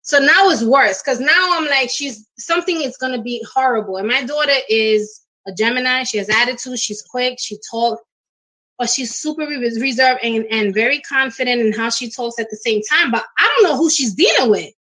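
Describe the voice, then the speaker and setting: A middle-aged woman, a guest on a talk show, telling a personal story in an emotional, animated way with acted quotes. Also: on the high side, moderate pace, poor audio.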